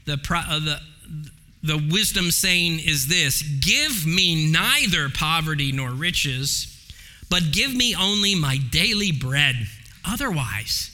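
A man preaching a sermon as pastor, emphatic and preacherly, slowing down to stress points. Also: fairly high pitch, pushed and bright. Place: church sanctuary. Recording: long hall reverb.

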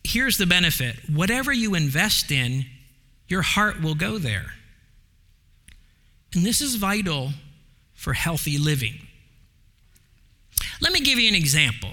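A man preaching a sermon as pastor, animated, with big swings from excited highs to hushed lows and the odd filler.

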